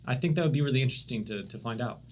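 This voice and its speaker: A man's voice: mid-range voice, racing, a little hiss or hum. Easygoing man playing a tabletop game. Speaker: player. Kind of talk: casual tabletop role-play.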